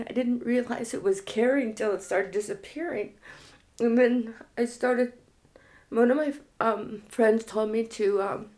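A woman in recovery telling her personal story in a reflective, halting and frank way. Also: a little high, fairly even intonation, darkish tone. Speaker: guest in recovery.

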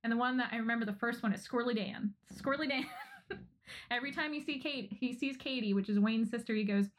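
Woman podcast co-host, slightly high pitch, casual and giggly, quick acted-out quotes. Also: a little hiss or hum. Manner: laughs often while retelling jokes; acts out quoted lines in quick bursts. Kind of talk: casual chat.

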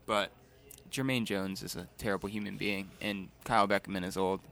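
A man co-hosting a sports podcast, eagerly pitching bold predictions and repeating his points. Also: fairly even intonation, a little fast, gravelly, fairly bright tone. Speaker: podcast co-host. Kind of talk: casual sports talk.

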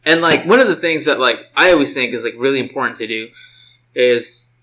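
Casting note: man, bright and sharp tone, relaxed rambler full of "um" and "like". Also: mid-range voice, brisk, poor audio. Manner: rambling, filler-heavy, relaxed. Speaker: podcast co-host. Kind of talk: casual chat. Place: sister's house.

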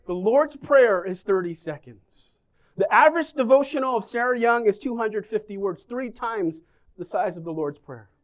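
Lively joking male preacher. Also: sits high, moderate pace. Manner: lively, joking, asks the congregation questions. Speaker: pastor. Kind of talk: sermon.

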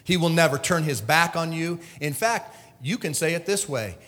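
High, lively preaching man. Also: normal speed, hardly any pauses, long reverb tail. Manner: emotional, swings from shouting to hushed. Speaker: pastor. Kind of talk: sermon. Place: church sanctuary.

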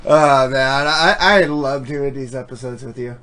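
A man's voice: mid-range voice, a little slow, a crowd in the background. A man hosting a podcast in casual chat, teasing, swearing and laughing often. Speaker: podcast host. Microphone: Skype call recording.

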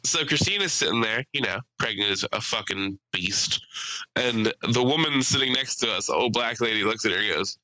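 Young male podcast co-host, crude joking storyteller, very bright tense tone, dry close sound. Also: mid-range voice, moderate pace, no room sound, low-quality recording. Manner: storytelling with crude jokes and voiced impressions. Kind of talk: casual chat.

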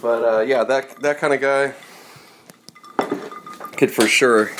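Casual male vlogger, rambling and loose, mid-pitched voice, clear background noise. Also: slow, long pauses. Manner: rambling, swears casually, talks to viewers. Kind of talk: casual chat while driving and running errands. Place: in a car and parking lot.

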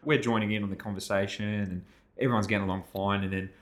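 A man's voice: on the low side, fast. An Australian man in his thirties co-hosting a podcast, telling a story in casual chat and acting out the other people in it. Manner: animated, acts out both sides of the story with raised voice. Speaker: podcast co-host.

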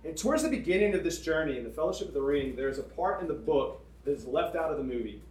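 A man preaching through a story in an animated, conversational way, stressing his points hard. His voice sits a little high for a man. He is picked up from a distance in an echoing room. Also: fast. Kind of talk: storytelling sermon. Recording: echoey room, distant mic.

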